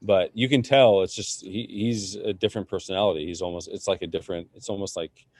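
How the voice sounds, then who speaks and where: A man co-hosting a podcast, talking in a halting, reflective way with frequent fillers. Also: sits low, steady tone, a little mellow, no echo. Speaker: podcast co-host. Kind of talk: casual chat.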